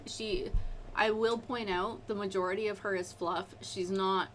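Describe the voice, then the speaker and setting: A woman's voice: mid-range voice, steady tone, unhurried, a bit bright. Chatty woman doing a laid-back bible talk stream, mid voice, bit of hiss behind. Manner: chatty and rambling, full of "like" asides. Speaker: host of a live Bible study show. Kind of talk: casual devotional live-stream talk.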